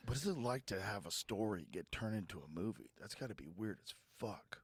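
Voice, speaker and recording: Husky low-voiced man hosting a podcast. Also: animated, brisk, no echo. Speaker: podcast host. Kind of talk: casual podcast chat.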